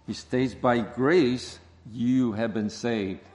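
A man preaching an expository sermon, speaking slowly and deliberately and repeating key phrases for emphasis. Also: mid-range voice, steady tone, darkish tone, slight background noise. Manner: slow, deliberate preaching with stressed repetitions. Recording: long hall reverb.

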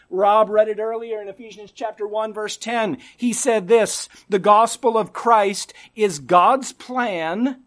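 High, animated preacher man delivering a sermon. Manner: emphatic, dramatic drops to quiet for emphasis; addresses the congregation with rhetorical questions.

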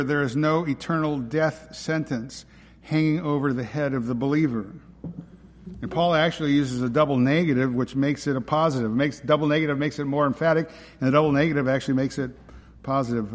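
A male pastor delivers a sermon in a mid-range voice. He talks to his listeners directly and stresses key words, and long reverb trails behind his words from a large hall. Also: medium pitch. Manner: emphatic, conversational preaching with rhetorical questions.

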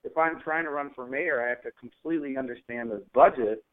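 A man calling in as a mayoral candidate, answering in an earnest and halting way, full of fillers and restarts. His voice comes through a thin, tinny phone line. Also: medium pitch. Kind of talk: casual interview answers.

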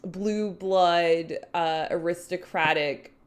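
Woman cohost, talks real slow, lowish voice, dry wry humor, podcast chat. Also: fairly even intonation. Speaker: podcast co-host. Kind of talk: casual chat recapping a TV show.

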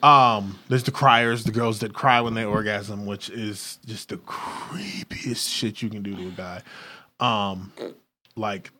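A man co-hosting a casual chat, telling crude stories in an animated way and acting out what people said. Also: on the low side, slow pace. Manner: crude, animated storytelling with acted-out quotes. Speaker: podcast co-host.

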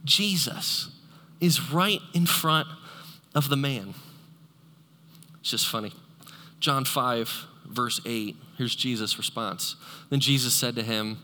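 Bright-voiced preacher in an echoey hall. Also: male voice, medium pitch, slow pace, pauses often. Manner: animated, conversational, playful asides to the congregation. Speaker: pastor. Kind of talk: sermon. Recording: long echoey hall reverb.

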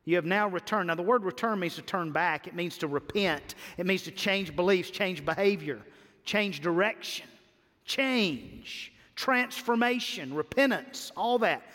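A man's voice: high-pitched, a little slow, fairly bright tone. A man preaching a sermon with emphatic delivery, repeating key words and rising on his refrains. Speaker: pastor. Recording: hall reverb.

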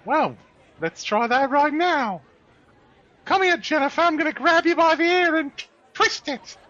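Man doing a screeching falsetto mum, loud, scolding, lo-fi. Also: lively intonation, unhurried, exaggerated voice. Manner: shrieking, exaggerated falsetto. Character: shrill scolding mother, put-on high woman's voice. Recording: dull lo-fi sound.

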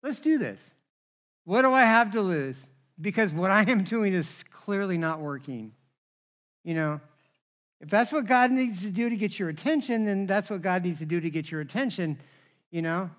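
A man preaching a sermon, telling personal stories in an animated, conversational way and asking the crowd for responses. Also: sits high, moderate pace. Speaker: pastor.

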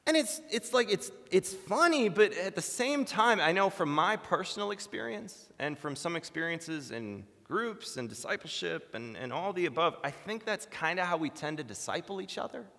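A man's voice: sits high, sing-song, moderate pace, vocal fry, few pauses, pushed and bright. Earnest male preacher in a reverberant hall. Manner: earnest, building to emphatic bursts. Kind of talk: sermon.

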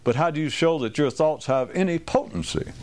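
Man giving a rambling, animated talk. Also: on the high side, fairly quick, slight background noise. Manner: rambling and wry, with quoted asides and chuckles; digressive, restarting sentences. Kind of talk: informal talk to a small group.

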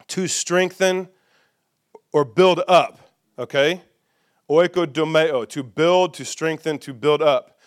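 Guy pastor preaching, kinda high voice, smooth and clear, chatty and joking, gets the crowd repeating words. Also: slow pace, long pauses. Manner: conversational and playful, leads congregation call-and-response. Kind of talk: sermon.

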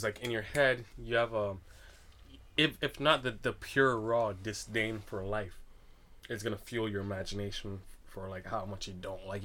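A man's voice: fairly low pitch, a bit bright, slight background noise. A man co-hosting a podcast, rambling in casual crude banter with many fillers. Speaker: podcast co-host.

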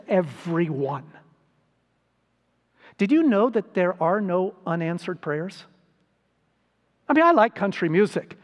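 A high-pitched man delivers a sermon at an unhurried, measured pace. He leans into sudden emphatic rises on the words that matter. His voice carries with a long reverb, as if recorded in a large hall. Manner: slow, deliberate preaching with sudden rises for emphasis. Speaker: pastor.

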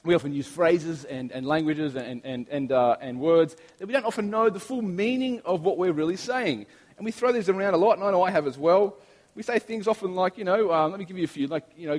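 High-pitched and fairly quick, with lively intonation, a man in his thirties preaches as a pastor. His sermon with prayer is conversational and story-based, marked by frequent restarts and the long reverb of a large hall.

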